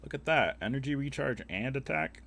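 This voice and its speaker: A man's voice: medium pitch, expressive, fairly quick, vocal fry, fairly bright tone. A young man live-streaming a game, chatting casually with viewers in a crude, joking, rambling way. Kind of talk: casual gaming stream chat.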